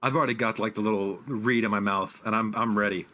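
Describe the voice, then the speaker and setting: Bright low-voiced man playing a tabletop game. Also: fairly even intonation, fast talker. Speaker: player. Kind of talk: casual tabletop game play.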